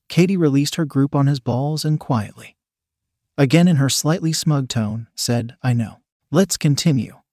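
A man narrating a scripted story in a measured, steady reading manner. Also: on the high side, no echo, studio quality.

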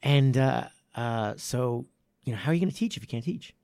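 Guy with a gravelly voice, rambly podcast chat, dry close mic, keeps correcting himself. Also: mid-range voice, normal speed, dry recording. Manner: rambling, self-correcting, animated when making a point. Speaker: martial arts academy owner and podcast host.

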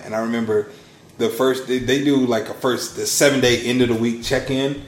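A man in his thirties, a podcast guest telling his story in a casual, animated way. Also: brisk, echoey room, slight background noise. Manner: animated storyteller, acts out quotes with big pitch swings. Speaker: podcast guest, launch strategist.

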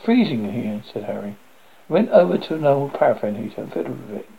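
A man reading his own book aloud in the first person, theatrical and lively, with sudden loud exclamations. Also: mid-range voice, fast, creaky, husky. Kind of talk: first-person storybook narration. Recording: dull lo-fi audiobook recording.

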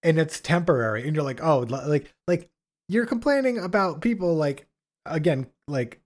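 A man's voice: a little high, lively intonation, moderate pace. A man co-hosting a casual political podcast. He sounds indignant, fills his talk with "like" and acts out the people he quotes. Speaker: podcast co-host.

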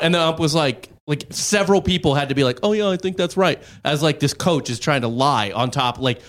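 A man's voice: on the high side, a little fast, hardly any pauses. A man co-hosting a podcast, telling stories with lots of swearing and acting out the people in them. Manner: animated storyteller, swears, acts out voices. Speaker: podcast co-host. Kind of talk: casual storytelling banter.

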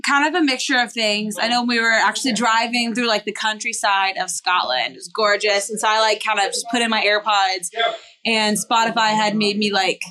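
A woman's voice: mid-range voice, steady tone, brisk, sharp tone. A woman with a Southern US accent, a band member guest chatting in an interview with a bubbly manner. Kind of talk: casual interview chat.

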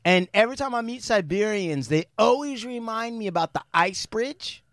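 A man's voice: high-pitched, expressive, normal speed, a bit bright, dry recording, clean studio sound. A man co-hosting a podcast, joking and teasing his guests with casual profanity. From American Indian heritage. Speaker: podcast co-host.

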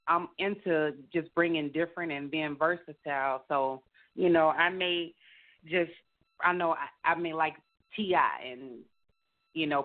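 Upbeat woman guest on the phone. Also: sits low. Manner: casual, upbeat, many fillers. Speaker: rapper and singer guest. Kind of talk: interview answers. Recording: tinny phone line.

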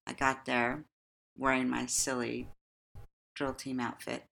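A woman's voice: a bass voice, little pitch movement, slow pace, gravelly. A woman co-hosting a podcast, chatting and telling a personal story with frequent laughs. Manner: chatty and warm-humored, laughing often. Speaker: podcast co-host. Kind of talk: casual chat and personal storytelling.

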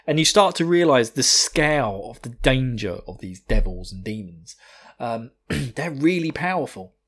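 Speaking at normal speed in a slightly rough, mid-range voice, a podcast co-host recaps an anime episode. His casual retelling is animated and profane, and he laughs often.

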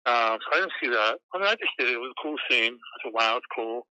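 A man guest in an interview, telling stories in an animated, rambling way and swearing casually. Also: mid-range voice, quick pace, no echo. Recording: dull lo-fi sound.

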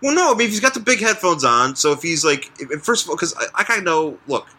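A man co-hosting a comic book podcast, chatting casually in a rambling, halting, joking way. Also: fairly high pitch, big pitch swings, noisy background. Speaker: podcast co-host. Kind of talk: casual chat.

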